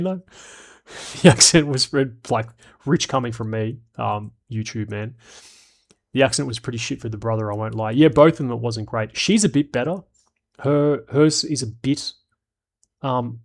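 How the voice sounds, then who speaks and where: Guy reviewing a show: rambling, frank, swears a lot. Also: medium pitch. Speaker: show reviewer reading viewer comments. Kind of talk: casual commentary.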